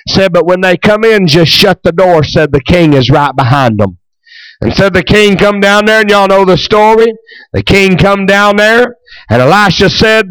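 Preacher guy, middle-aged, folksy sermon, kinda high voice, dry close sound. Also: animated, unhurried, a bit bright, clean tone, no echo, low-quality recording. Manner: folksy, retells scripture in plain speech.

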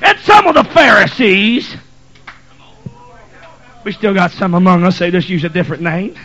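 High-pitched preacher guy, folksy and rushing through his sermon. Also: lively intonation, bright, forceful tone, lo-fi sound, a little hiss or hum. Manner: folksy, hurried, dialect grammar.

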